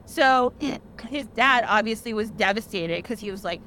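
A young woman hosting a podcast, casually retelling an old tale in a chatty, animated way with lots of "like" fillers. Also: on the high side, a little slow, a little hiss or hum. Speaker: podcast host. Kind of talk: casual storytelling.

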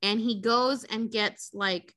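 A young woman with a slightly high, bright and sharp voice recaps a movie for a casual podcast. She swears freely and slips into quick acted-out voices for the characters. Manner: profane, animated storytelling with acted quotes. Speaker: podcast co-host.

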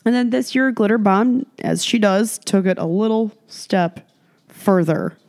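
A woman's voice: medium pitch, unhurried, a little mellow. A woman co-hosting a podcast in casual, profane chat, laughing often as she tells stories. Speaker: podcast co-host.

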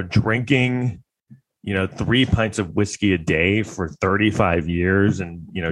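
Rambling man with a low voice. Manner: rambling, filler-heavy, acts out quotes. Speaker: podcast host. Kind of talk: casual monologue.

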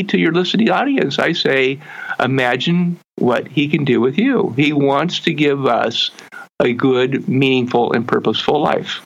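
An earnest man, a guest in an interview, tells his life story in a mid-range voice. He halts and restarts his phrases often. He slows right down when he wants a point to land. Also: mid-range voice, gravelly, highs cut off.

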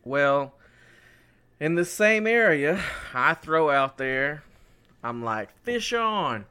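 A man's voice: on the high side, takes it slowly, smooth. A man co-hosting a podcast, telling a story in casual chat and acting out the lines people said. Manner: animated storyteller who acts out his own and others' lines. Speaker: podcast co-host.

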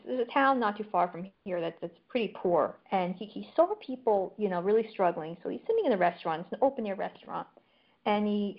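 A woman's voice: mid-range voice, creaky. A woman as a guest in a casual conversation, chatty and telling stories. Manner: chatty storyteller. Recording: dull lo-fi audio.

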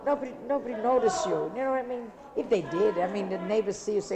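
An older woman from Italy, talking about her past in an interview in a rambling, repetitive, animated way. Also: mid-range voice, fast, few pauses. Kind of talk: casual reminiscing. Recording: crowd chatter behind.

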